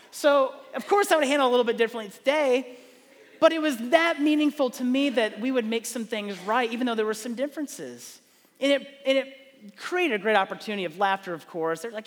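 A middle-aged pastor with a voice that sits high preaches a sermon in a large hall, talking fairly quickly. His storytelling is animated, and he acts out the dialogue as he goes.

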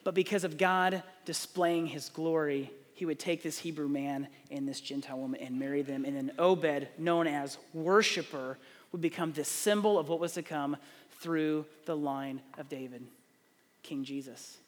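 A man's voice: a little high, normal speed, big-room sound. A middle-aged man, preaching a sermon, telling stories and acting out the dialogue. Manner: animated storytelling, acts out dialogue. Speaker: pastor.

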